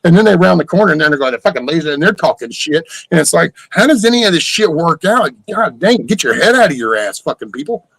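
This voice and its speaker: A man's voice: on the high side, very animated, fast, vocal fry, hardly any pauses, a bit bright, husky, no echo, poor audio. Profane older man ranting. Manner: rambling, profane, exasperated rhetorical questions. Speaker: livestream host. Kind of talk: casual ranting chat.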